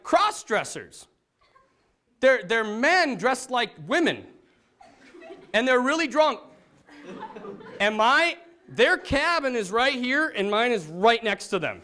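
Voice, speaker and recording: A Catholic priest from North Dakota tells a funny, self-deprecating personal story to an audience and acts out the dialogue. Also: male voice, extremely high pitch. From North Dakota, USA. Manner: animated storyteller acting out quoted dialogue. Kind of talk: personal testimony told to an audience.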